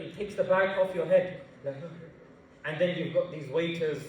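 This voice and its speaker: Man, animated jokey talk, high voice, very echoey hall, mic far off. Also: normal speed, slight background noise. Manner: animated, jokey, slangy storytelling. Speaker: invited speaker. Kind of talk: public talk to students. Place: large university hall.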